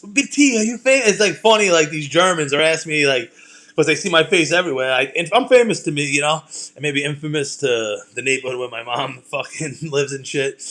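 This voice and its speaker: A man's voice: fairly high pitch, bright, forceful tone. A man, a comedian and host, talking in a loose, rambling monologue full of swearing and self-deprecating jokes. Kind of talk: casual monologue.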